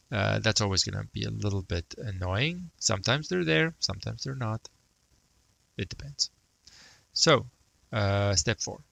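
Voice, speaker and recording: A man's voice: on the low side, vocal fry, pushed and bright, dry recording, low-quality recording. A man teaching math, thinking aloud and muttering to himself as he sketches a graph. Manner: self-talk, mutters, jokes about praising himself.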